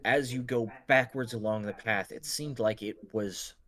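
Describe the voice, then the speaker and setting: A man narrating as game master in a tabletop role-play, describing scenes in a slow, measured way. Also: medium pitch, fairly even intonation, a bit bright.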